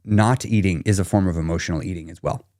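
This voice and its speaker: A weight loss coach hosts a casual live stream, speaking fast in a deep, mellow voice. He talks straight to viewers in a pushy, teasing way and laughs often.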